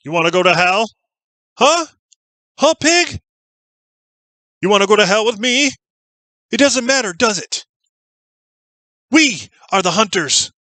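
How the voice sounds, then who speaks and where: A man's voice: high voice, big pitch swings, measured pace, pauses often, pushed and bright, no echo, full character voice, low-quality recording. An actor playing a sadistic male cult killer who taunts and sneers, dropping to a hiss, in a film clip. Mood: raving. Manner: sneering, taunting, drops to a hissing whisper.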